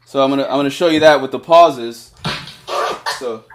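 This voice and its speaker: This is casual one-on-one DJ scratching instruction over a cellphone video call. The teacher, a man with a mid-range voice and moderate pace, sounds eager and encouraging, talking in loose bursts with plenty of fillers.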